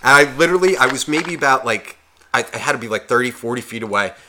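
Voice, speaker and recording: A man's voice: medium pitch, lively intonation, fast talker, sharp tone, a little hiss or hum. A young man casually telling a long, profanity-filled bar story on a podcast, acting out everyone's lines. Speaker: podcast co-host.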